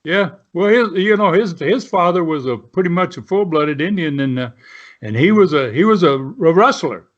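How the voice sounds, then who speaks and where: An older man in his seventies tells long stories from his career as the guest on an interview show. His voice sits a bit high, and he rambles with plenty of "uh" and "you know." The audio comes through dull and lo-fi, as if over a remote line. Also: lively intonation, normal speed. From Southern United States. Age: 70s. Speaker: interview guest, former wrestler. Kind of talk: storytelling in a casual interview.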